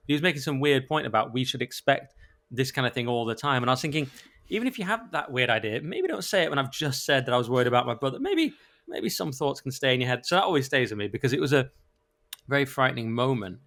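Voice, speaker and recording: A man's voice: medium pitch, fairly bright tone. Jokey, rambling male podcast host. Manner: jokey, self-deprecating, rambling. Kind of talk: casual political podcast chat.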